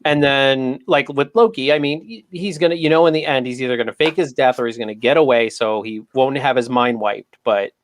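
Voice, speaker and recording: A man's voice: medium pitch, fairly quick, few pauses. A man with a mid-range voice talks through fan theories on a podcast in a loose, musing way. He hedges often and leans on "like" and "I mean" as he thinks. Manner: thoughtful, hedging, many fillers. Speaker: podcast co-host. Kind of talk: casual chat.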